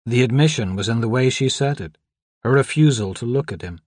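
This male narrator delivers scripted novel narration in a steady, even storytelling style. His voice sits in the mid-range, captured cleanly in a studio with no room sound.

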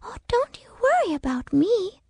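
A woman voicing a fussy, proud older mother who speaks slowly and flutteringly in a high, creaky, breathy voice. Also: big pitch swings, a little mellow, no room sound, clean studio sound, full character voice. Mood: doting.

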